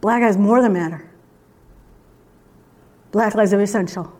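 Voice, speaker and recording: A woman's voice: mid-range voice, measured pace, a little mellow. A woman preaching a sermon in a conversational, emphatic way, full of rhetorical questions.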